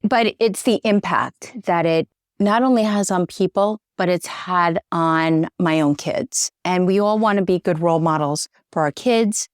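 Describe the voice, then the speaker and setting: A woman's voice: on the low side, measured pace, clean tone, no echo, studio quality. A middle-aged woman, a journalist and interview guest, talking earnestly and getting choked up. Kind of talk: conversational interview.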